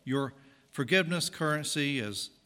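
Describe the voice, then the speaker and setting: A man's voice: on the high side, expressive, moderate pace, sharp tone, in a large hall. A man preaching a conversational sermon, correcting himself and adding jokey asides. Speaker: pastor.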